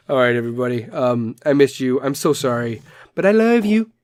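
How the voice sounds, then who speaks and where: Swearing, ranting podcast host. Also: male voice, mid-range voice, very animated, fairly quick, darkish tone. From Chicago area. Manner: profane, rambling, ranting with dad jokes. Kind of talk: casual solo podcast rant.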